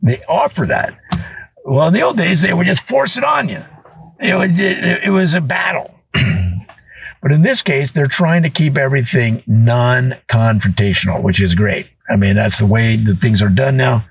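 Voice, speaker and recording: Husky-voiced man doing comic bits. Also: mid-range voice, moderate pace, poor audio. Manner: animated storytelling with laughs and voiced asides. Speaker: comedian. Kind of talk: comedic monologue.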